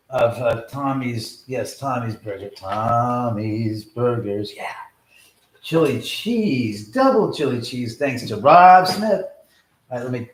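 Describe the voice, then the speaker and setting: A man hosting a casual live stream from his home, telling rambling, profane stories and laughing as he goes. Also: mid-range voice. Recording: echoey room.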